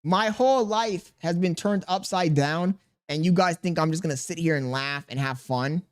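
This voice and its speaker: A man's voice: on the high side, moderate pace. A man in his thirties, a streamer reading chat aloud and venting in an exasperated, defensive way with casual slang.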